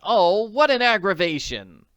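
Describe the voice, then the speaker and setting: A man's voice: high-pitched, very animated, a little slow, fairly bright tone, clean tone, dry recording, lo-fi sound, pitched above the performer's own voice, full character voice. A man voicing a determined young girl detective. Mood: resolute. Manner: urgent, resolute, earnest. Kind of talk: audiobook character voice.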